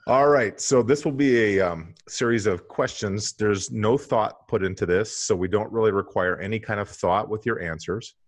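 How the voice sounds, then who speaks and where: A man co-hosting an interview show, running a quick question round with jokes and frequent laughter. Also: lowish voice. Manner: joking, laughs often. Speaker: podcast co-host. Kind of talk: casual interview chat.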